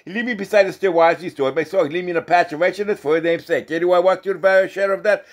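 A man reading scripture aloud as a lay preacher, halting and restarting often, then drifting into rambling, informal testimony. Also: sits high. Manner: casual and rambling when talking off the text, often asks "you know?".

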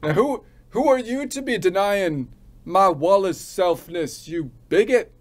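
A man's voice: high-pitched, expressive, measured pace. A man putting on a Scottish accent to play a proud, declaiming warrior. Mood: boastful.

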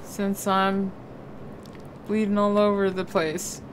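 A woman's voice: mid-range voice, level tone, slow pace, noisy background. A woman streaming a horror game, giving playful commentary and chatting to game objects and creatures. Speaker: gaming streamer.

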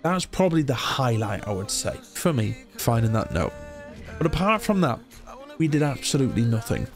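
A young man chatting excitedly as he commentates his own game playthrough. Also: mid-range voice, normal speed. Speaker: gaming YouTuber. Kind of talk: let's play commentary. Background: game music.

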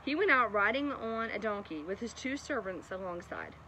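A woman's voice: medium pitch, animated, moderate pace, bright, forceful tone. A woman telling a bedtime Bible story in a chatty way, with lots of laughing asides, over outdoor traffic noise. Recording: noisy outdoor background with traffic.

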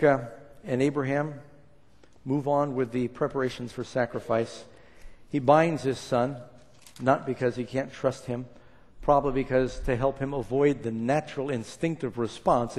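Dramatic preacher in a reverberant hall. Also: male voice, medium pitch. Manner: dramatic retelling with acted quotes, swinging between loud and hushed. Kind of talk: sermon storytelling.

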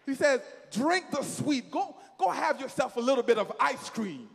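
A man's voice: very high-pitched, expressive, moderate pace, vocal fry, husky, in a large hall. A man preaching a sermon to a church congregation, emphatic and repetitive, leading the crowd in call-and-response.

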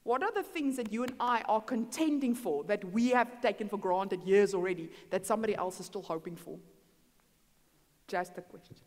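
A woman's voice: medium pitch, a little mellow. A woman preaching a storytelling sermon in a church hall, acting out the dialogue in her stories. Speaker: guest preacher. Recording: long church-hall reverb.

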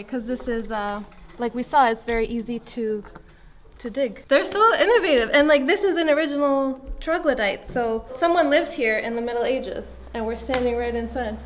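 A woman vlogging her travels, talking in an excited, chatty way and explaining what she sees. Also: on the high side, slight background noise. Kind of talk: casual travel vlog chat.

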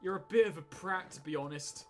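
A man's voice: high voice, fairly quick, soft background music. A man commentating on a game with friends, sarcastic and mocking in casual banter. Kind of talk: casual let's play banter.

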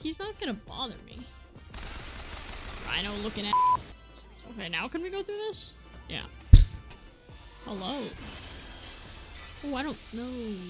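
High, lively woman gamer with game music. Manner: chatty, jokey, talks to game characters. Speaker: gamer playing on video. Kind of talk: casual let's-play commentary.

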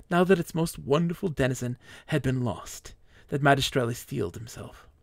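A male streamer with a mid-range, gravelly-edged voice reads aloud with theatrical, mock-grand flair before drifting into casual chat. It's a dry recording, close on a desk microphone.

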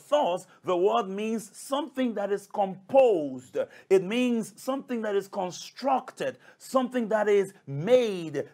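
A man's voice: high-pitched, a little mellow. A male pastor preaching a sermon, emphatic and repetitive, addressing listeners as brothers and sisters. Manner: emphatic, repeats key phrases.

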